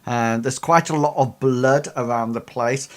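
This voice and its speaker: A man narrating as game master of a tabletop game, halting with frequent ums. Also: medium pitch. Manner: halting, many ums and uhs.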